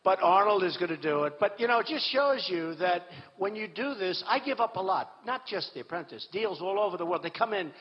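A man's voice: sits high, expressive, fairly quick, hardly any pauses. A man giving an off-the-cuff campaign speech to a rally, rambling, boastful and repetitive, on a podium microphone in a large hall. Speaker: political candidate addressing a rally. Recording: dull hall recording with long reverb.

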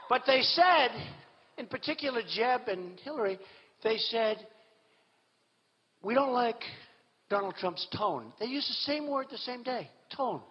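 A man's voice: lively intonation, measured pace, pauses often, slightly rough. Emphatic man speaking to a rally. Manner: repetitive, emphatic, swings between shouting and low asides. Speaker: political candidate. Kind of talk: campaign rally speech. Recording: echoey hall, dull sound.

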